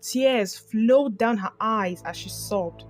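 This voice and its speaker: A woman voicing an obsessive, scheming woman who turns shrill and hysterical in a narrated storybook tale. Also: slow. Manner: shrill, screaming, sobbing. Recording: background music.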